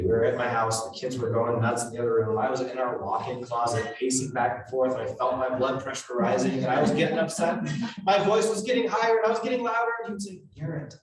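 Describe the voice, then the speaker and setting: Blunt man teaching in an echoey room. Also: medium pitch. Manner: blunt, animated, acts out quoted voices. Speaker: real estate trainer. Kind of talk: live training talk to agents. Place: training room with an audience. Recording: roomy, echoey hall from far off.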